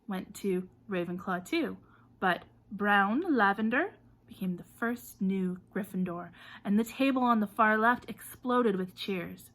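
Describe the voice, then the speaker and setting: A woman narrates an audiobook in a bright, forward voice. She reads in a lively way and gives called-out names and shouts plenty of energy. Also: medium pitch, measured pace. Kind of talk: storybook narration.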